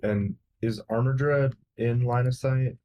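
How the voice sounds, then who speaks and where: A man's voice: mid-range voice, fairly even intonation, unhurried, mellow. A man playing in a tabletop game, matter-of-fact and asking rules questions. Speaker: player. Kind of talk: casual game chat.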